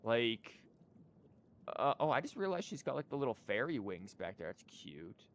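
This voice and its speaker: A man's voice: mid-range voice, big pitch swings, moderate pace, a little hiss or hum. Rambling casual gaming streamer guy. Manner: rambling, filler-heavy, candid.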